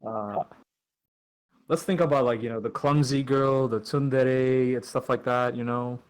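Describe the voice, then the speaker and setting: A young man hosting a casual chat podcast, relaxed and playful, often pausing with "uh" and "like". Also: mid-range voice, clean tone, low-quality recording. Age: young adult. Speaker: podcast host.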